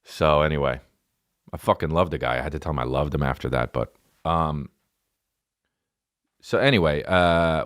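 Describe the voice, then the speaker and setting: A man's voice: low-pitched, unhurried, long pauses, fairly bright tone, no echo, studio quality. A man in his thirties telling a rambling, profane comic story on a podcast, with many restarts. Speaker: comedian. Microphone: studio podcast mic.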